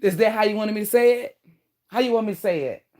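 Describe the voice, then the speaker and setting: A woman in her thirties giving relationship advice straight to her viewers in a blunt, animated, slangy way, swearing freely. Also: mid-range voice, fast. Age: 30s. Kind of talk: casual advice monologue to viewers.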